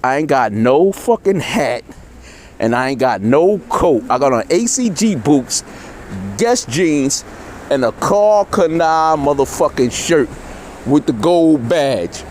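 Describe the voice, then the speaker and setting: A middle-aged man telling a rough jail story in casual street talk, swearing constantly and acting out the people he quotes. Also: fairly high pitch, takes it slowly, long pauses, slight background noise. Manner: animated, swears constantly, voices characters in quotes.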